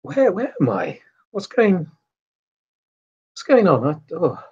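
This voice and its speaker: A man's voice: fairly high pitch, very animated, moderate pace, a little mellow, breathy edge. A man voicing a bewildered twelve-year-old girl who has just woken up feeling healed. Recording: dull lo-fi sound.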